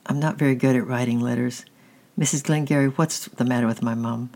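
A man's voice: medium pitch, fairly even intonation, a little fast, darkish tone, lightly acted. A reader voicing an anxious young boy who asks urgent, pleading questions about his mother. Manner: urgent, questioning, a little raised.

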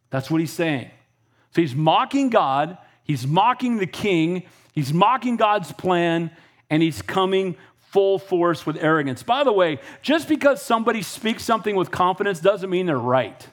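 A male pastor delivers a lively sermon in a high, bright voice. He talks plainly and bluntly, mixing scripture with off-the-cuff asides and calls of "Amen?". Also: normal speed. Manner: energetic and conversational, often asks "Amen?" and blunt asides.

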